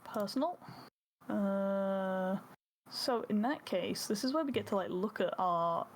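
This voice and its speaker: A woman's voice: medium pitch, a little slow. Playful woman player with faint background noise. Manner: giggly, playful. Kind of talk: casual chat.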